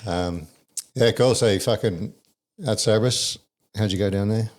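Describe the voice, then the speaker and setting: A man with a low voice and an Australian accent hosts a casual podcast chat. He talks bluntly and swears constantly, in a relaxed, matter-of-fact way. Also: normal speed. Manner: blunt, heavy swearing, laid-back. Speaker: podcast host.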